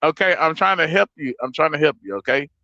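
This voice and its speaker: A man in a heated live debate, exasperated and animated. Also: fairly high pitch, fast, lo-fi sound, over a noisy crowd.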